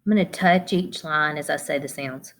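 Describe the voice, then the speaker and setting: A woman's voice: deep voice, normal speed, fairly bright tone. A woman teacher giving a spelling lesson to children, sounding out letters and syllables one at a time.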